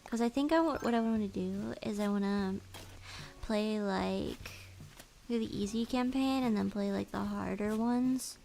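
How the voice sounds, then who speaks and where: A woman's voice: mid-range voice, unhurried, gravelly, mellow, a little hiss or hum. A woman streamer chatting casually while playing a game, laughing often and sometimes dropping into a whisper. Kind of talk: casual gameplay chat. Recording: faint game music behind. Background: faint game music.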